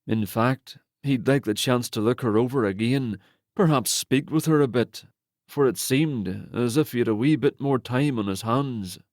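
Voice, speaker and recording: A man narrating a romance novel in a steady, measured storytelling manner on a close studio mic. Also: medium pitch, dry recording. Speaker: audiobook narrator.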